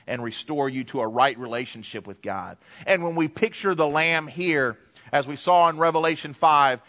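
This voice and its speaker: A man delivering a sermon in a church with a long, echoing reverb. His voice sits a little high and sounds bright and forceful. He drops to hushed lows, then rises to loud, emphatic peaks. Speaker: pastor. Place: church hall. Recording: echoey church hall.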